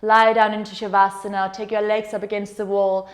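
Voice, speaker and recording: A woman yoga teacher leading a guided meditation with slow, soothing, gentle instructions. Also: mid-range voice, flat delivery.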